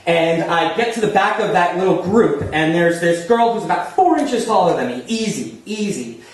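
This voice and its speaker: A man's voice: high-pitched, animated, normal speed. A man from New Jersey telling a self-mocking comic story live on a small theater stage, chatty and laughing as he goes. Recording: echoey room, voice from far off.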